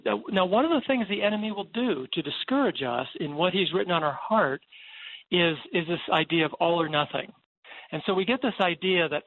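A man's voice: high voice, lively intonation, fairly quick, phone-quality sound. A man, a minister co-hosting a radio call-in show, giving earnest advice to a caller. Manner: earnest, advising, preacherly. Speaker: guest co-host, minister.

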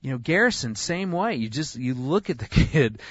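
A man in his forties who talks about parenting in casual conversation, an animated storyteller who often restarts his sentences. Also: medium pitch, moderate pace, husky, no echo, dull audio. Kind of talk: conversational discussion.

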